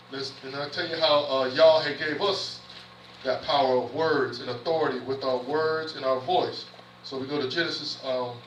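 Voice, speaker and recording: A man's voice: fairly high pitch, a bit bright, roomy sound, distant mic, slight background noise, rough recording. A man, a minister in training, preaching a sermon with earnest repetitions and restarts, reading scripture aloud in between. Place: church sanctuary.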